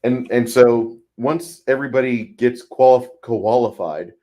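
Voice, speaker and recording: A man's voice: medium pitch, measured pace, warm tone. A man co-hosting a casual movie podcast, rambling with frequent restarts and putting on voices for quotes. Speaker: podcast co-host; truck driver.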